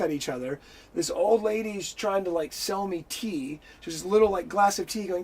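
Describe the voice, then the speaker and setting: A man telling a story in an interview, animated and swearing freely as he acts out the people in it. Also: sits high, normal speed, slightly rough. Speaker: interview guest. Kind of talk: casual storytelling.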